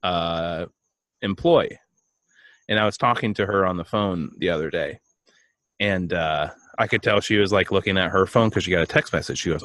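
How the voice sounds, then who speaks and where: A man co-hosting a casual comedy chat, telling a story in a halting, self-deprecating way and acting out the voices of the people in it. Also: low voice, no room sound. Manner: animated storyteller, acts out voices. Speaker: podcast co-host.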